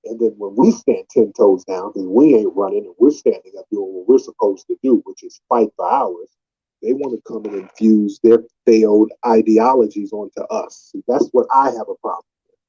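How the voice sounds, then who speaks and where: A man's voice: lowish voice, normal speed, dark tone, slightly rough. A man hosting a live call-in audio stream, talking in a mocking, taunting way and repeating his questions, heard through muffled lo-fi stream audio. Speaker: live audio room host. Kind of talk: combative live call-in talk.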